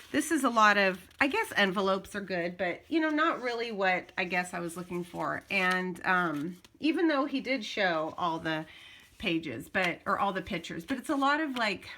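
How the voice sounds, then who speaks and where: This craft vlogger, a woman with a medium-pitched, sharp-toned voice, talks casually at home while displaying what she's found. She rambles, interrupts herself, and sounds slightly out of breath, with a bit of background noise in the clip.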